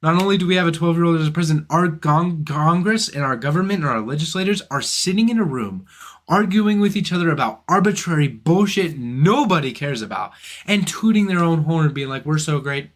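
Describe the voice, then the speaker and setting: On his philosophy channel, a young man fumes at the camera, cursing and asking one rhetorical question after another. He has a somewhat high, expressive voice and talks fairly quickly.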